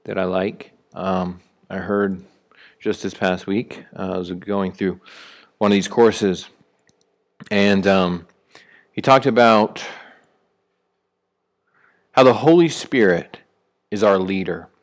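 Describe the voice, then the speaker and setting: A man's voice: low voice, takes it slowly, long pauses. A man preaching a sermon in an easygoing, conversational way, with frequent fillers and restarts. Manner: rises sharply when acting out calling someone back. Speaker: pastor.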